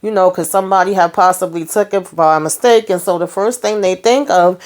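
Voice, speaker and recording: In a lowish, darkish voice and at a fairly quick clip, a young woman recaps a TV episode. The monologue is casual and slangy with plenty of fillers, and she performs the characters' quoted lines along the way.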